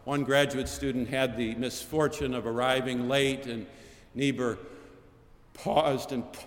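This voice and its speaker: An older man preaching a sermon in a measured, rhetorical cadence, building lists and repeated phrases. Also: mid-range voice. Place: large chapel. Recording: long chapel reverb.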